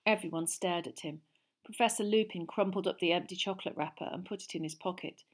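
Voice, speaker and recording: A woman narrating a storybook aloud in an expressive, dramatic style. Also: lowish voice, fast. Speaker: audiobook narrator. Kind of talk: scripted narration.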